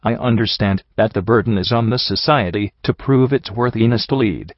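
A man reading the lines of a calm, dignified aristocratic unicorn prince in a storybook. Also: on the low side, moderate pace, no room sound, dull audio, lightly acted.

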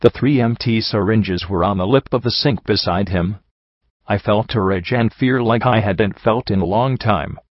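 Low-voiced man reading a story. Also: normal speed, no echo, lo-fi sound. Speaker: audiobook reader. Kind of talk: first-person fiction narration.

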